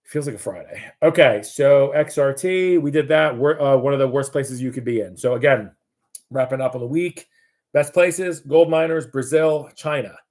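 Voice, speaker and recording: A man hosting a loose, chatty market show. He rambles over charts at a middle pitch, jokes, and corrects himself as he goes. His voice is plain and everyday. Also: moderate pace, a little mellow. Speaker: market analyst host.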